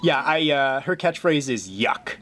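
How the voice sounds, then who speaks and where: A host giving casual, jokey commentary on a game they are playing, with playful and excitable outbursts. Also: medium pitch, unhurried, heavy background noise. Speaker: gameplay video journal host. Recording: game music clearly behind the voice.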